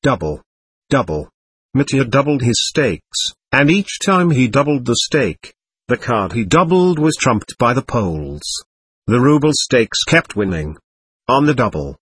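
A man narrating a novel in a steady, expressive audiobook reading. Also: mid-range voice, a little slow, slightly rough, no room sound. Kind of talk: scripted narration.

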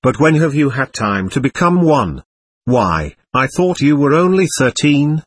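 A man reading an audiobook, voicing a calm, mild young man who questions gently. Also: medium pitch, a little slow, breathy edge, no room sound, voice pushed up. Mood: gently teasing.

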